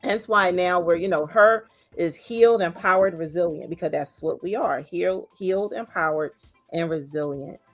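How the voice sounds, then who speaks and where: A woman hosting a live video-call chat, animated and playful as she talks with her guest. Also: lowish voice, normal speed, faint music behind. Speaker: host. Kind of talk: casual chat.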